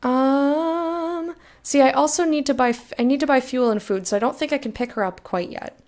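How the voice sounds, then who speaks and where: A woman's voice: high voice, fast talker, darkish tone. A woman streaming a game, reading its text aloud and chatting frankly with viewers, swearing freely. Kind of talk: casual let's-play chat, reading game text aloud.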